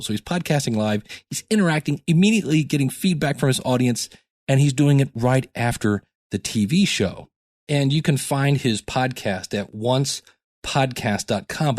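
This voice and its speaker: A man's voice: mid-range voice, darkish tone, no room sound, studio quality. A man hosting his own podcast, talking casually and rambling with jokey asides, tired from lack of sleep. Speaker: podcast host. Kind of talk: casual solo podcast talk.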